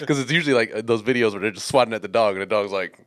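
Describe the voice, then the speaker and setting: A man's voice: fairly low pitch, racing, no echo, studio quality. A man co-hosting a casual podcast, guessing loosely at slang and rambling with plenty of fillers and laughs. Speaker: podcast co-host. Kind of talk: casual chat.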